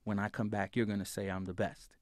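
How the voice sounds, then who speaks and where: A man telling a story as a podcast guest, acting out what other people said and getting louder at the heated parts. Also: on the low side, flat delivery, fast talker, dry recording, studio quality. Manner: acts out others' lines with swings in loudness. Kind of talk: animated storytelling.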